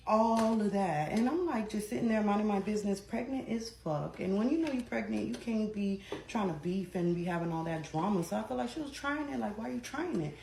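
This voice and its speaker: Brief: woman vlogger, storytime, profane and lively, in an echoey room with faint noise. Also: brisk, vocal fry, hardly any pauses. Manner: animated, profane, swings between loud bursts and low asides. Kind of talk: casual storytime chat.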